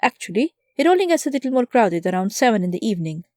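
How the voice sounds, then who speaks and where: A politely formal male restaurant waiter in a storybook reading, put on by a woman narrator. The tone is mellow and the sound dry and close. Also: on the high side, very animated, fast talker, no echo. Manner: formal, courteous.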